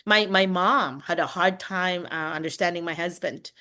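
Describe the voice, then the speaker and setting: Fast-talking Filipina teacher on a video call. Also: female voice, lowish voice. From Philippines. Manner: talks fast when excited, lively, with laughs. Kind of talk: casual video-call chat.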